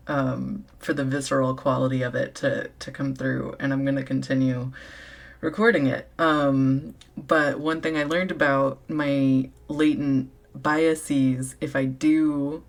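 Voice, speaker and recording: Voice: medium pitch, flat delivery, measured pace, gravelly. A speaker giving casual, earnest commentary and reflecting aloud between passages of a reading.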